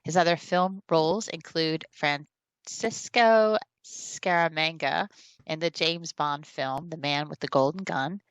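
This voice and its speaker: Woman co-hosting a reaction commentary, low voice, dry close recording. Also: clean tone, no echo, muffled recording. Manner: reads aloud, then muses hesitantly. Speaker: co-host. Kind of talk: commentary on a clip.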